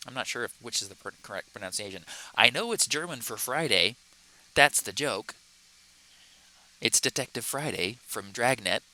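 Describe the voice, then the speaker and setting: A man's voice: mid-range voice, expressive, normal speed, sharp tone, low-quality recording. A man hosting a let's play, chatting casually through the gameplay in a rambling, self-correcting, playful way.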